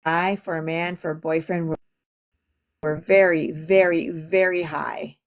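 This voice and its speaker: A woman's voice: sits low, fairly even intonation, measured pace. A middle-aged woman chatting casually on a livestream, rambling with restarts and filler words. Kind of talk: casual chat.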